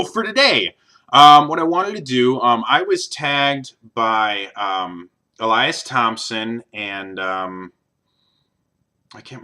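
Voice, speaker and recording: Bright-voiced young American man vlogging. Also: mid-range voice. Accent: neutral General American. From American Midwest. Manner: rambling, many ums and restarts. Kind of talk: casual talk to camera.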